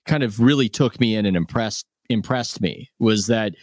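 A man's voice: on the low side, normal speed, dry recording, clean studio sound. A male host asking long, effusive questions and praising his guest's work. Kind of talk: interview questions.

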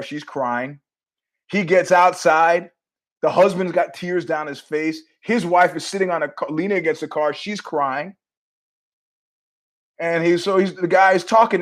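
A man hosting his own podcast, telling a story casually and animatedly, acting out the people in it. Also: fairly high pitch. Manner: animated, acts out quoted voices, laughs at his own story. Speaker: podcast host.

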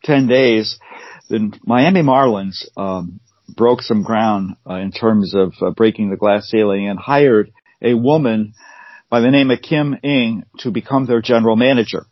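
A man's voice: on the low side, measured pace, no room sound. Easygoing man co-hosting a podcast. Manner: easygoing, agreeable, with fillers. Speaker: podcast co-host. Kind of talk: casual chat. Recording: dry, dull lo-fi sound.

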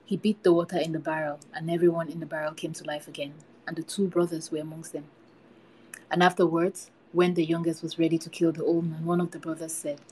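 A woman hosting a podcast, reading a folktale aloud in a steady storytelling manner. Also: sits low, fast, slight background noise, rough recording. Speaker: podcast host.

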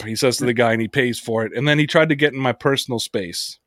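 A man hosting a casual sports podcast. He reads sponsor plugs and tells stories in an animated way, swearing often. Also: medium pitch, fast talker, dry recording. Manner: animated storyteller, heavy swearing. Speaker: podcast host.

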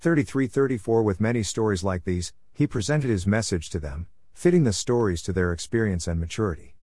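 A man reading the Bible aloud in a measured, steady delivery, announcing verse numbers as he goes. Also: lowish voice, no echo. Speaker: Bible reader.

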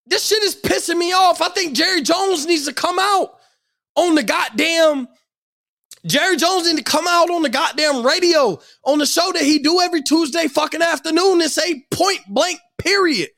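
A man hosting a sports podcast, delivering an angry, profane rant and shouting at times. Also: very high-pitched, moderate pace, gravelly, no room sound, studio quality.

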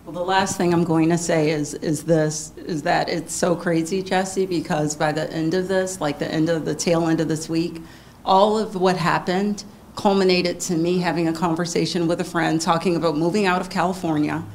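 A woman's voice: on the low side, fairly even intonation, normal speed, a little mellow, a little hiss or hum. A young woman sharing her feelings earnestly at a church meeting, open and self-questioning. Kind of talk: personal sharing in a church talk.

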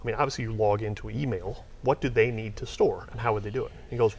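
A middle-aged man, chatting as an interview guest about his business. He rambles through long anecdotes, and his voice rises and gets heated as he retells his frustrations, with an ordinary mid-range pitch. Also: quick pace, a little mellow, a little hiss or hum. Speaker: interview guest, software company owner. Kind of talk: casual storytelling interview.

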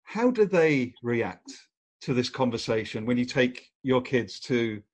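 A man's voice: medium pitch, very animated, measured pace. Enthusiastic man hosting a podcast. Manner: enthusiastic, restarts his sentences. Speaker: podcast host. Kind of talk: casual interview chat.

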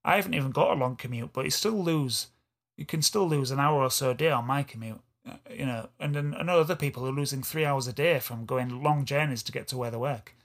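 Speaking at a quick pace, this man co-hosts a podcast with a rambling, self-deprecating casual style. He's from England with an East Yorkshire accent, and his mid-range voice has a fairly bright tone.

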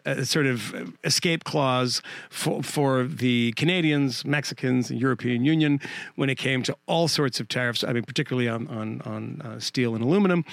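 A man with a somewhat high, gravelly voice co-hosts a casual political chat. He talks in an emphatic, sardonic way. The sound is dry and close. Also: fairly bright tone, dry recording. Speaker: podcast co-host.

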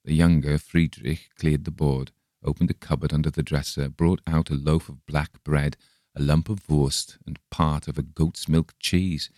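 A man with an extremely deep voice reads a Victorian tale aloud in a steady, measured way. The recording is dry and close, with no room sound around him. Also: dry recording. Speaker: audiobook reader. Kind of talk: scripted narration.

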